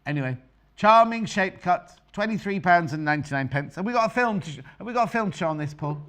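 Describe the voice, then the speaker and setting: A woman's voice: on the low side, animated, quick pace. A middle-aged woman presenting a live TV sewing demonstration as a quilting expert, chatty and bantering with crew and viewers.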